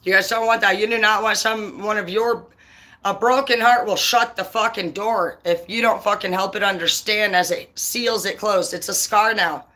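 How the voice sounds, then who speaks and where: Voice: mid-range voice, steady tone, normal speed, sharp tone. A tarot reader on a casual live stream who swears constantly and talks in a blunt, heated rant. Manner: profane, heated and ranting; blunt and confrontational.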